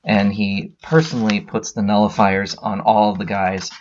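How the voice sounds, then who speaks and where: Low-voiced man casually retelling a story. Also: level tone, normal speed, lo-fi sound. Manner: rambling retelling full of "uh" fillers. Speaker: podcast host.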